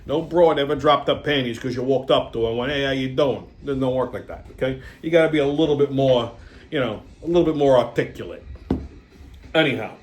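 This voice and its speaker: A man's voice: medium pitch, brisk. A man from Brooklyn with a New York accent, rambling bluntly through a casual, profane monologue as the channel's host. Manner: rambling, blunt, heavy swearing, lots of fillers.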